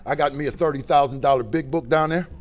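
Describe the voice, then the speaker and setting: A middle-aged man from Ohio, giving a plain-spoken personal testimony at a recovery meeting, swinging between loud and quiet. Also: fairly high pitch, fast talker, slight background noise. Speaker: recovery speaker.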